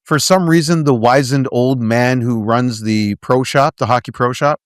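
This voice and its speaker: A man's voice: mid-range voice, normal speed, smooth, no room sound, clean studio sound. A man from Canada co-hosting a casual movie podcast, sarcastic and joking, with lots of fillers and restarts. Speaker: podcast co-host.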